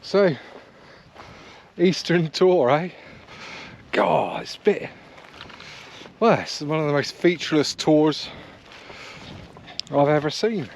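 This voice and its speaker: A man's voice: on the high side, slow, creaky, pauses often, a little hiss or hum. A man, chatting easily to the camera while walking on open moorland. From South West England. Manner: chatty, rambling, easygoing, talks to camera while hiking. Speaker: wild camping vlogger. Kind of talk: casual walking vlog commentary. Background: faint outdoor ambience.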